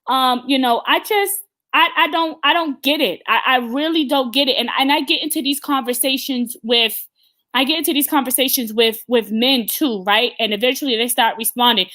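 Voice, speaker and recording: Woman host, fairly high and tense voice, blunt opinion talk, lots of restarts. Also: steady tone, moderate pace, sharp tone. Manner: emphatic and blunt, with frequent stammered restarts. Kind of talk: opinionated live-stream talk.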